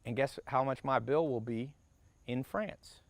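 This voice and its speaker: A man's voice: mid-range voice, no room sound. A man giving a motivational business workshop talk, brash and profane, speaking in punchy short sentences and acting out the people he quotes. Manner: acts out quoted people in quick asides. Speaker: business mentor.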